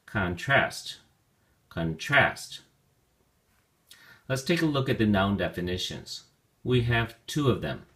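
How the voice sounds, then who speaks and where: A man with a very low voice teaches a vocabulary lesson. He talks slowly and with care, and he stretches out the key words so learners can follow along. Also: sing-song.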